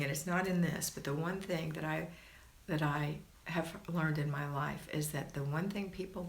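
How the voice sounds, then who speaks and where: A woman's voice: low-pitched, steady tone, moderate pace, vocal fry. A woman hosting a live question-and-answer talk, speaking earnestly and rambling with restarts. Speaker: host.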